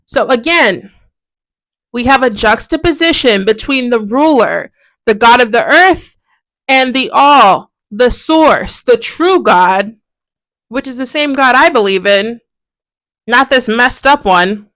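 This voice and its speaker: A woman with a high-pitched voice talks slowly through ancient texts in a casual video, animated and sarcastic, breaking into laughs. The recording is a little dull and lo-fi. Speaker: video host.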